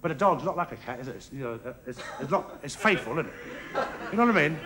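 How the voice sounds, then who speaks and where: A man doing a stand-up comedy routine on a theatre stage, with a bumbling, halting delivery and a giggling laugh. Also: on the high side, expressive. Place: theatre stage before a live audience. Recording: archive stage recording with loud audience laughter and hiss. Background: audience laughter.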